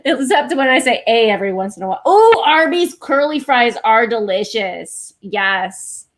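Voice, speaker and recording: A woman's voice: a little high, sing-song, normal speed. A woman from Canada with a General American accent, a guest in a casual live stream chat, giggly and rambling with many restarts.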